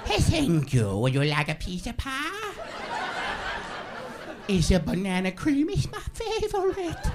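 A squeaky, extremely high little character babbles in slow, swooping sing-song. Laughter and noise from a live crowd fill the recording. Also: male voice, wildly swooping pitch, heavily acted. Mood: giddy. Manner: giddy, babbling monkey noises. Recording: noisy live show with crowd.

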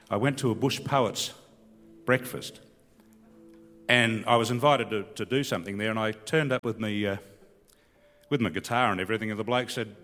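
A man's voice: mid-range voice, a bit bright. A middle-aged man with an Australian accent, rambling through a stand-up story and reciting a comic bush poem in a laconic way. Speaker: comedian and bush poet. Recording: long hall reverb.

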